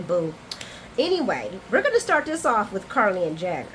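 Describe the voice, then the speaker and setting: A woman's voice: medium pitch, normal speed, background noise. A woman hosting a casual soap opera recap, chatty and playful, talking straight to her viewers. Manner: chatty, animated, playful asides, addresses viewers as y'all. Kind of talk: casual chat to camera.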